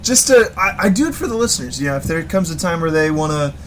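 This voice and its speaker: A young man co-hosts a comedy podcast, his voice sitting high for a man. He drops crude one-liners deadpan, and a steady hiss runs clearly under his voice. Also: fast talker. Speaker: podcast co-host. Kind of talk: casual comedic chat.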